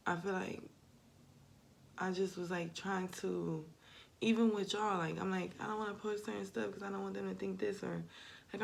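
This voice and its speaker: A woman's voice: medium pitch, vocal fry. A woman, talking through a casual, rambling confessional monologue, swearing freely. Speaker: spiritual vlogger.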